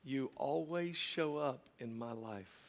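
A medium-pitched middle-aged pastor preaches by recounting a personal story. He shifts from loud asides punctuated with laughter to slow, hushed moments.

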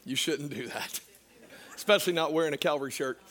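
Bright-voiced Southern preacher man. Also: on the high side, fairly quick, slight background noise. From Southern United States. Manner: impassioned preaching, swings from hushed to shouting. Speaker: pastor. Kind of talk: sermon. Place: church.

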